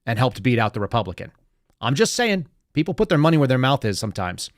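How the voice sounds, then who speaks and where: A man's voice: mid-range voice, sing-song, fast talker, no room sound. Angry male podcast host, swears, sarcastic, dry close sound. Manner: fired up, profane, sarcastic. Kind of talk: heated political commentary.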